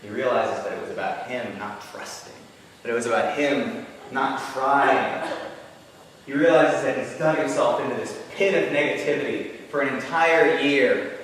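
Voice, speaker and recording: A male comedian retelling a novel on stage, sarcastic and laughing as he goes, sometimes mumbling and sometimes shouting. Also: mid-range voice, moderate pace, very echoey, long reverb tail, recorded from a distance, a little hiss or hum, low-quality recording. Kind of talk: stand-up storytelling.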